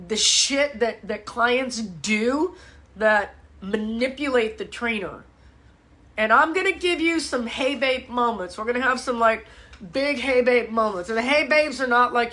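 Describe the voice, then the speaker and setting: Middle-aged lady trainer ranting on a live stream, cusses a lot, kinda high voice. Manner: blunt, profane, animated. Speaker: personal trainer and fitness instructor. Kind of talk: casual live-stream talk.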